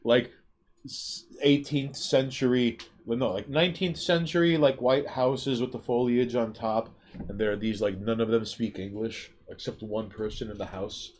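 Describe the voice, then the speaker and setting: A man's voice: medium pitch, steady tone, normal speed, a little mellow, slight background noise. A man co-hosting a casual podcast, rambling and swearing, often trailing off and restarting mid-sentence. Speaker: podcast co-host. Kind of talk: casual chat.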